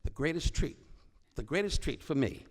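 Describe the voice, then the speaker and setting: With lively intonation, a moderate pace, and a voice that's a little high, this older New York comedian guest tells rambling, wisecracking stories before a live crowd. He regularly interrupts himself mid-story.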